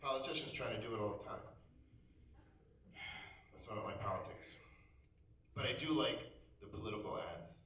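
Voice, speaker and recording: A man's voice: mid-range voice, brisk, pauses often, pushed and bright, echoey room, far from the mic, a little hiss or hum. A man doing a stand-up comedy set, talking wryly and conversationally with the crowd. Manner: conversational, wry, addresses the crowd. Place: comedy club stage.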